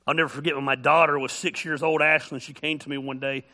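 This middle-aged pastor speaks at a quick pace in a slightly high voice. His sermon is folksy and full of jokes, and he brings his stories to life by performing the different voices.

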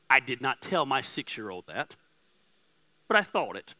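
A man's voice: mid-range voice, very animated, normal speed. A man in his forties preaching a sermon as pastor, impassioned and conversational, telling stories about his family with a self-deprecating touch. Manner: impassioned, rising to near-shouting.

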